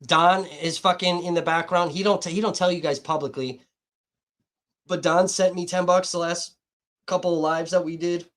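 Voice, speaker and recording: A man with a slightly high voice rambles through a casual livestream, swearing freely and talking straight to his chat viewers. He sounds hot and worn out by thirst. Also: steady tone, moderate pace, a bit bright. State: hot and dehydrated.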